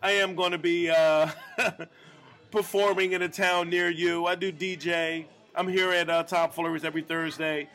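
A man's voice: on the high side, a bit bright. A man co-hosting a podcast live in a bar, joking and swearing in casual chat. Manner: joking, swearing, laughs a lot. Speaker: podcast co-host and comedian.

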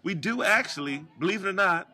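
A man's voice: high-pitched, lively intonation, a little fast, sharp tone. A man co-hosting a podcast from a bar, laid-back and chuckling, with many filler words. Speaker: podcast co-host. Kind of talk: casual bar chat.

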